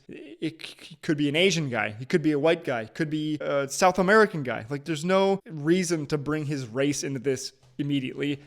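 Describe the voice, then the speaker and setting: A man's voice: a little high, vocal fry. A man giving casual, emphatic reaction commentary on a video clip, with restarts now and then.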